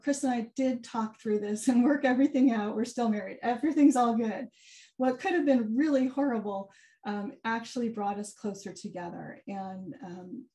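A woman giving a keynote talk, telling a personal story in an animated way and acting out the quoted dialogue. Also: a little high. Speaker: keynote speaker. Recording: far from the mic, some echo.

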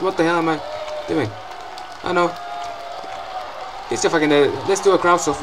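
A young man giving excitable gameplay commentary, swearing often and breaking into loud outbursts and laughs. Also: high-pitched, moderate pace, crowd noise, noisy background.

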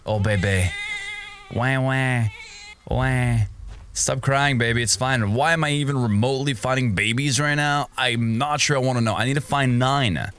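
A man's voice: medium pitch, a little fast, few pauses, a bit bright, a little hiss or hum. A young man commentating a horror game playthrough, talking to himself and yelping and gasping at scares. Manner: jumpy, yelps and gasps at scares, talks to himself. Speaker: gaming streamer.

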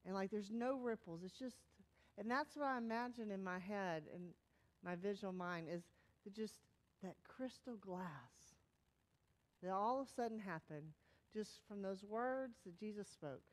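A woman pastor giving a sermon in a conversational, animated way, sometimes dropping to a hushed, soft tone. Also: medium pitch, a little slow.

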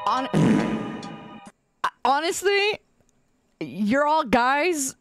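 A woman's voice: high-pitched, sing-song, very slow, over loud music. A woman streamer chatting casually with her viewers, teasing and laughing often.

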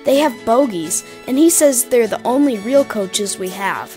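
A woman's voice: on the high side, expressive, a little slow, dark tone, soft background music. A woman voicing a cheerful young male engine, talking in an eager, chatty way.

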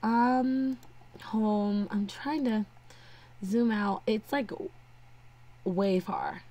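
A woman's voice: mid-range voice, very slow, mellow. A young woman giving casual let's-play commentary, chatting to her game characters as she plays. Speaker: gameplay narrator. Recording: faint game music behind.

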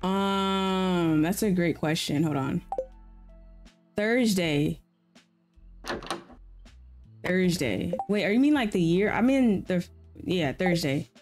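A woman's voice: lowish voice, expressive, takes it slowly, long pauses, darkish tone, faint music behind. A woman streaming a farming game, chatting playfully and answering her viewers as she plays. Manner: playful, chatty, reacts aloud and answers chat. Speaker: gaming streamer. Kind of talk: casual live-stream chat while playing.

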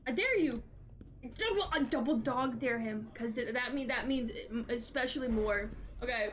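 A young woman streamer plays a horror game live, jumpy and foul-mouthed as she yells back at the threat. Her voice sits on the high side, and quiet game music runs underneath. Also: moderate pace. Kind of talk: live gameplay commentary. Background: faint game music.

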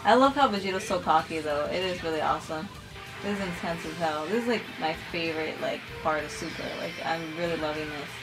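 A young woman hosting a casual reaction video, talking excitedly, swearing freely and saying "like" a lot. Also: sits low, fast, music in the background, rough recording. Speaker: reaction channel host. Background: anime episode audio playing.

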